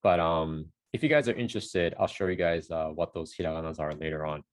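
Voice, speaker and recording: A man teaching a casual language lesson, demonstrating each sound slowly, repeating syllables and correcting himself as he goes. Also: deep voice. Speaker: Japanese teacher.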